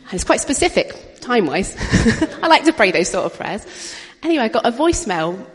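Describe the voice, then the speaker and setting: A woman's voice: a little high, very animated, a little fast. A middle-aged woman giving an informal testimony talk at a church gathering, chatty and anecdotal, with frequent laughter. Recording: reverberant hall.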